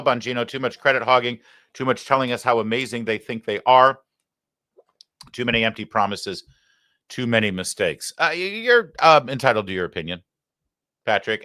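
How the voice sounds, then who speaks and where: A man's voice: mid-range voice, sharp tone, no echo, clean studio sound. A man hosting a live show, chatting casually and joking with plenty of filler "uh"s. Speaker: show host.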